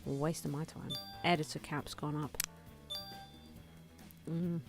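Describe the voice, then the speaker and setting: Woman, lowish voice, chatty let's-play commentary, self-amused, faint music underneath. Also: flat delivery, unhurried, creaky. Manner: chatty, self-amused, thinks aloud, often laughs. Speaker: gaming video host. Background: faint game music.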